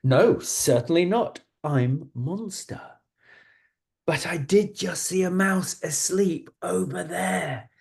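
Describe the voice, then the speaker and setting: A man doing a squeaky, sly monster. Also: expressive, slow, creaky, darkish tone, full character voice. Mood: coy. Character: big sly monster pretending innocence.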